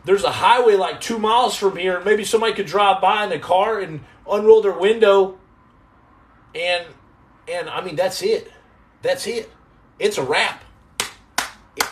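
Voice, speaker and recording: A man hosting a casual live podcast, joking and teasing viewers in slangy talk that drops into low mutters. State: on house arrest. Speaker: podcast host reading live chat. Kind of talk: casual live-stream chat.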